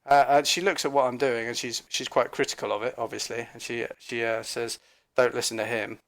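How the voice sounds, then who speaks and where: A man telling a story to camera in a rambling, halting way, with fillers, restarts and emphatic asides. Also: medium pitch, steady tone. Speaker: commentator recounting an encounter.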